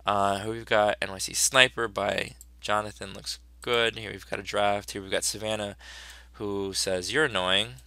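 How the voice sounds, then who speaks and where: A man's voice: fairly low pitch, little pitch movement, moderate pace, vocal fry, bright, forceful tone, clear, resonant tone, no room sound. A man teacher giving a casual, upbeat review of his students' work, chatty and full of fillers.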